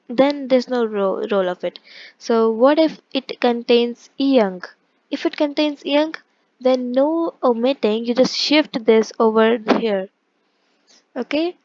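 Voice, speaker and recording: A woman with a fairly high voice teaches an online language lesson, working through rules step by step and often stopping to correct herself. The recording is dry and close, with a slightly dull, muffled top end. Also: darkish tone, no room sound. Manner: explains step by step, with frequent self-corrections and fillers.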